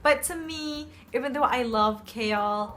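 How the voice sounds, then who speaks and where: A young woman chatting casually about books she loves, gushing and excitable, with lots of fillers. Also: high-pitched, measured pace, slight background noise. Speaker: book reviewer. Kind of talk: casual book review chat. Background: soft background music.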